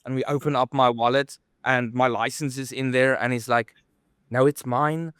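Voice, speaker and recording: A man's voice: medium pitch, normal speed, clear, resonant tone, no echo, clean studio sound. A young man telling rambling event-work stories in a casual podcast chat, with plenty of fillers. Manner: rambling, animated storytelling with many fillers. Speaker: podcast co-host.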